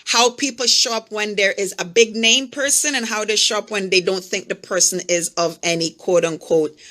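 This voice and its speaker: A woman hosting a podcast, telling a personal story in an animated way and speaking straight to her listeners. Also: mid-range voice. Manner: animated, acts out the voices in her stories. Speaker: podcast host. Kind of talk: personal storytelling, coaching talk.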